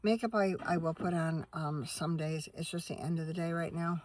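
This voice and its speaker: A woman's voice: low-pitched, moderate pace, a little mellow, no room sound. A woman chatting casually to camera from inside her van at night, rambling from one thing to the next. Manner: rambling, chatty, talks to her dog in between. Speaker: vlogger and minister.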